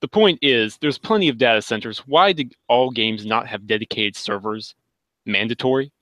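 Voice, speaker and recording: A man's voice: medium pitch, normal speed, fairly bright tone, dry recording, poor audio. A man co-hosting a gaming podcast, venting with frustrated energy. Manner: frustrated ranting. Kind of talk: casual chat.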